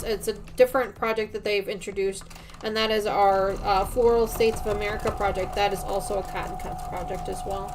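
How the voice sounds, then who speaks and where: A woman's voice: mid-range voice, noisy background. Middle-aged woman, casual quilting livestream host at home; mid-range voice, rambling, filler-heavy chatter. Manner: chatty, rambling, many ums and restarts. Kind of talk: casual chat while sewing.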